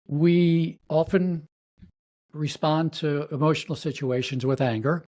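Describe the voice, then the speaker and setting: A man's voice: fairly even intonation, a little mellow. Middle-aged guy on a podcast, stops and restarts a lot, jumps way up when he acts out what people say. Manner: halting and repetitive, acts out quoted lines with big pitch jumps. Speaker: guest. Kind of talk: conversational podcast interview.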